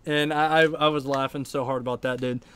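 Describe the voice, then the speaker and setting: A man's voice: medium pitch, fairly quick, clear, resonant tone. A man in his thirties hosting a casual livestream, reading out chat and telling stories with frequent laughs and fillers. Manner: animated storyteller, laughs often, many fillers.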